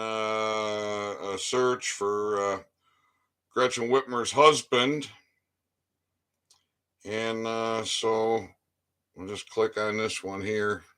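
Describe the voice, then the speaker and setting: A man from Michigan reading a news article aloud and breaking into profane, angry commentary, dropping from low muttering to shouting. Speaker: online commentator.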